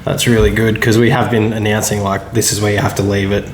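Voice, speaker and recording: A man's voice: fairly low pitch, level tone, fast, a little hiss or hum. Swearing Australian man, echoey room. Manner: blunt and swearing, storytelling. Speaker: podcast co-host. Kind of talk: casual chat.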